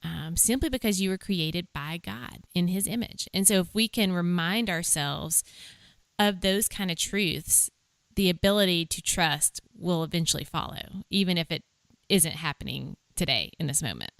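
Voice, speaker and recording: A woman hosting a faith podcast from her kitchen table, speaking in a calm, reflective, measured way. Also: lowish voice, gravelly, dry recording, studio quality. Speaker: podcast host.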